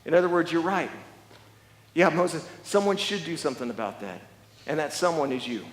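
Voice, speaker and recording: A man with a high voice preaches a sermon in a big, echoing church hall. He presses his points hard, doubling words and restarting phrases as he goes. A long reverb trails behind every line. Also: normal speed. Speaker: pastor.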